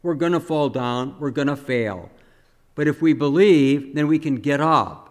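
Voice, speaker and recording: A man's voice: on the high side, measured pace, long reverb tail. A man preaching a sermon as a priest, conversational and asking the congregation questions. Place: church.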